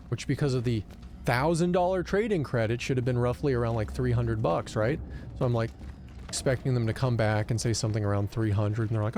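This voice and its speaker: A young man streaming a game, telling a story in an animated, profane rant and acting out both sides of a phone call. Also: medium pitch, a little fast, a little hiss or hum. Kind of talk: casual live-stream storytelling while gaming.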